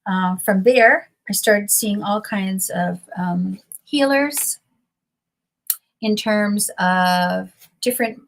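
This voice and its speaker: A woman's voice: mid-range voice, takes it slowly, vocal fry. A middle-aged woman telling a personal story as an interview guest over a video call from home, earnest and emotional, wandering as she talks. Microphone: computer mic on a video call.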